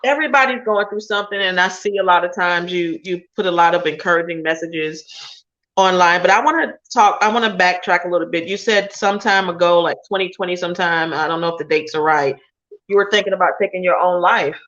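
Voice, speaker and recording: A woman's voice: on the low side, fairly quick, a bit bright, highs cut off. A woman hosting a radio show interview over a video call, talking casually with slang and emphasis. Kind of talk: emotional interview chat.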